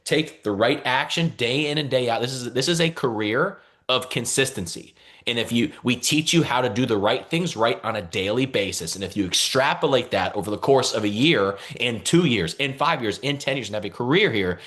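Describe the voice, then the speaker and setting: Male team leader on a video call, animated delivery with a lot of pitch movement, punchy repeated lines. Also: normal speed. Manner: energetic, repeats phrases, calls for responses. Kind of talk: motivational talk on a video call.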